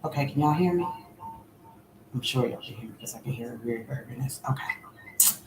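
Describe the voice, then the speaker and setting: A woman's voice: a bass voice, moderate pace. A woman hosting a cooking livestream from her kitchen, chatting casually to viewers and often dropping into a near whisper. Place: home kitchen. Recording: echoey room with background noise.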